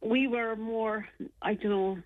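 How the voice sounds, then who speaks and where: A woman's voice: a little high, steady tone, slow pace. A middle-aged Irish woman rambles happily through old memories, full of "like" and "you know". She comes through a tinny, phone-like line. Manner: chatty, warm reminiscing with many fillers. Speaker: caller. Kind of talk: casual phone chat.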